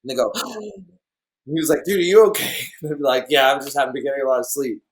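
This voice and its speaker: A man telling loose, meandering stories on a podcast, often laughing at himself. His voice sits in an ordinary middle pitch. The talk is relaxed and casual. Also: a little fast, a little hiss or hum. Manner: rambling storyteller who laughs at his own tales. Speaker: podcast guest. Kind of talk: casual chat.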